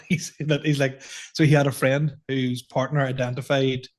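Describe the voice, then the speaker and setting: A man's voice: medium pitch, flat delivery, measured pace. A man in his thirties co-hosting a podcast, rambling and self-mocking, laughing often in casual chat. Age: 30s. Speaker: podcast co-host.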